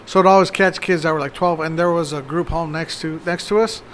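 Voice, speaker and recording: Man, casual chat, rambling, swears a lot, high voice, faint noise behind. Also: fairly even intonation, a little fast, fairly bright tone.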